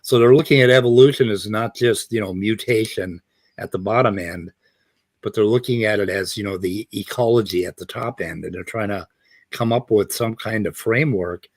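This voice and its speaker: A man's voice: fairly low pitch, normal speed, no echo. A man on a casual panel chat, rambling through an explanation with many fillers. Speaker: co-host.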